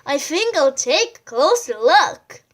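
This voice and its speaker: A woman's voice: sits high, big pitch swings, slow, fairly bright tone, heavily acted. A woman voicing a curious, bossy female porcupine who exclaims emphatically. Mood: emphatic.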